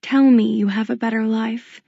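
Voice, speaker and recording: A woman voicing a worn, worried middle-aged working mother who speaks softly and pleadingly, close to tears. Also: fairly high pitch, steady tone, normal speed, gravelly, no room sound, dull audio. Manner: soft, pleading, tearful.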